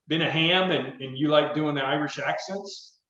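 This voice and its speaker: A man's voice: on the high side, moderate pace, a bit bright. A middle-aged man hosting a podcast, chatting in a rambling, jokey way. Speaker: podcast host. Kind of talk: casual chat. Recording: echoey, distant, dull audio.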